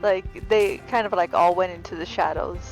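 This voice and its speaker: A woman's voice: on the low side, fairly even intonation, normal speed, soft background music, low-quality recording. A woman chatting casually with a streamer while they play, laughing often and teasing him. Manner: laughs a lot, playful teasing reactions. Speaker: co-player on stream. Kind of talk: casual chat while gaming.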